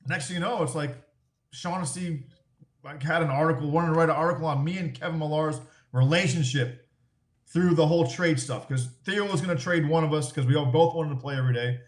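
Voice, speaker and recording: A man's voice: sits high, fairly bright tone, roomy sound. A middle-aged former ballplayer telling stories as a podcast guest, swearing freely and laughing as he talks. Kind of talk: casual storytelling, profane.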